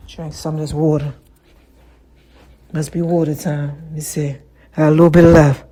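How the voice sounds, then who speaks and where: A woman hosting her own podcast, talking casually and chattily with slang, swinging between loud laughing bursts and low murmurs. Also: level tone, moderate pace. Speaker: podcast host. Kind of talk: casual rambling monologue. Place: room with lights and a mirror.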